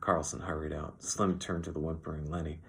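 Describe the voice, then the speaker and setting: A man reading an audiobook as narrator in an even, measured way. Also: a bass voice. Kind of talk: scripted narration.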